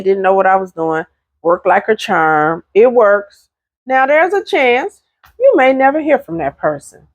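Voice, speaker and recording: A middle-aged woman talks straight to her viewers in a casual vlog, chatty and animated, her pitch swooping up and down as she makes her points. The sound is dry and close, with no room around her. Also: no room sound. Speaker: vlogger giving relationship advice. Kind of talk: casual talk to camera.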